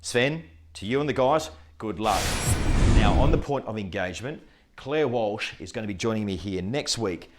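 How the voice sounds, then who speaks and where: A man's voice: on the low side, animated, moderate pace, very noisy. Upbeat male corporate show host.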